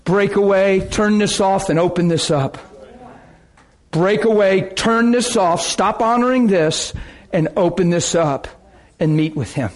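High-voiced fervent male preacher. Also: a little slow. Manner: fervent, emotional, swings from loud outbursts to hushed intensity. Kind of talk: sermon.

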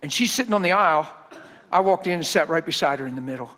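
High-voiced folksy preacher telling stories. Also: male voice, fast. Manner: folksy, animated storytelling. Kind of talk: storytelling sermon.

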